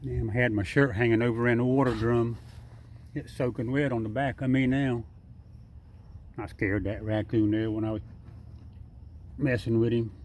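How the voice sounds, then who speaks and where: Man, folksy and coaxing, chatting to wildlife outdoors at night; ordinary mid pitch, faint background hiss. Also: fairly even intonation, normal speed, long pauses, darkish tone. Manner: folksy, teasing, coaxing an animal. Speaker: backyard wildlife feeder. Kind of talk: casual talk to an animal while filming. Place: outdoors at night by a water drum.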